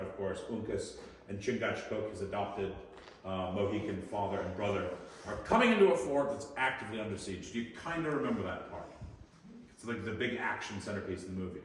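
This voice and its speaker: A man leading a guided tour at a historic fort, lively and joking, often quizzing his group. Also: medium pitch. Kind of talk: guided tour talk to visitors. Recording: echoey space, voice from a distance, faint noise.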